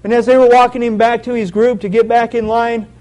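A man's voice: extremely high pitch, flat delivery, fairly quick, darkish tone, low-quality recording. A man giving an earnest, heartfelt sermon with a personal testimony. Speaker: lay preacher.

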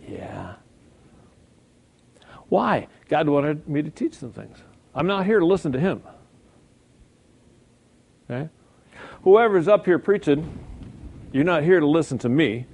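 A man's voice: a little high, sing-song, slow pace, vocal fry, pauses often, darkish tone, husky. Man preaching in a conversational way. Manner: conversational preaching, rhetorical check-ins. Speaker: pastor. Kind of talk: sermon.

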